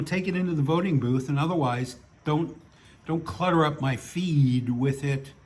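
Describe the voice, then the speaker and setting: A man's voice: a little high, fairly bright tone, slight background noise. A man reading his own stories aloud and chatting between them, with dry, wry humor and a grumbling edge. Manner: opinionated grumbling. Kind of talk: casual monologue and story reading.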